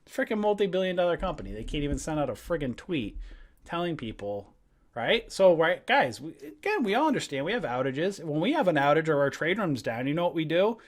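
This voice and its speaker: A man's voice: on the high side, sing-song, brisk. A man hosting a stock trading live stream, ranting about his bad day with swearing and frustrated laughter, then walking through charts. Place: home trading desk.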